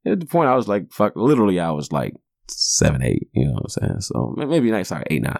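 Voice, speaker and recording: A man's voice: low voice, wildly swooping pitch, a little fast, gravelly, darkish tone, dry recording, clean studio sound. A man in his forties hosting a podcast, telling rambling, profane stories in a laid-back way. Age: 40s. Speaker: podcast host. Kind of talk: casual storytelling monologue.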